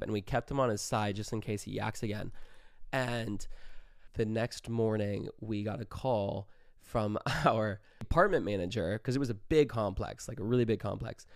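A man's voice: fairly low pitch, no echo, clean studio sound. A young man in his twenties casually telling a funny story, laughing as he goes, swearing freely and saying "like" a lot.

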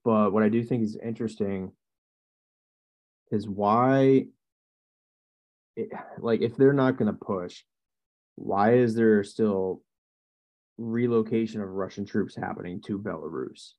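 A man with a fairly low voice hosts a casual chat, agreeing easily and asking questions. The recording sounds muffled and lo-fi, as if the upper frequencies are rolled off. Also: measured pace, pauses often. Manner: easygoing, agreeable, asks questions. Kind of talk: casual discussion. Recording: dull lo-fi sound.

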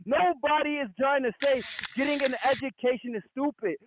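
Against a noisy background, a very high-pitched man co-hosting a boxing podcast pushes his case hard at a moderate pace. He's profane and relentless, shutting down rebuttals before they can land.

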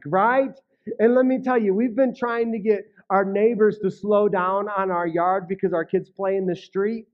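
A man's voice: high voice, steady tone, measured pace, highs cut off. A male pastor preaching a sermon in a conversational way, often checking in with "right?" and repeating words as he starts a thought. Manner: conversational, frequent "right?" and "okay?" asides.

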